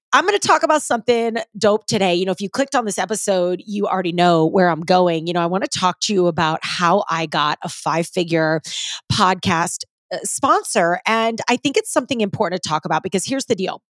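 A woman's voice: mid-range voice, dry recording, clean studio sound. A woman in her forties hosting a casual solo podcast, talking in an upbeat, slangy way. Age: 40s. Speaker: podcast host.

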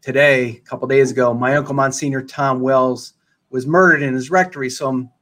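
A man hosting a podcast, interviewing a priest in a casual, halting way. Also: medium pitch, fairly even intonation, a bit bright. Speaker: podcast host.

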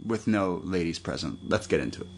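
A man's voice: deep voice, animated, a little fast, heavy background noise. A man co-hosting a podcast, recapping wrestling in a rambling, joking way. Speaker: podcast co-host. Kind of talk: casual chat recapping wrestling.

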